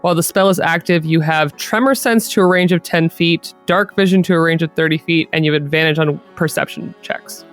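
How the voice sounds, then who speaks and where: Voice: medium pitch, brisk, few pauses, faint music behind. Player describing a character's moves. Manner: casual, describing character actions. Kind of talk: tabletop game play.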